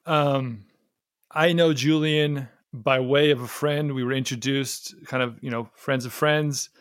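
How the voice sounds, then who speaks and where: A man's voice: medium pitch, steady tone, unhurried, no room sound, studio quality. A man hosting a podcast, talking casually, swearing freely and poking fun at himself. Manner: chatty, swears freely, self-mocking. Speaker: podcast host. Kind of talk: casual chat.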